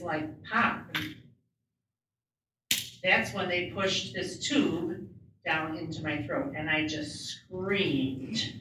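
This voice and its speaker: A woman's voice: on the low side, noisy background. A woman interpreter voicing a first-person personal story in a plain, conversational way, with small restarts. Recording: very echoey room, distant mic, faint ambience.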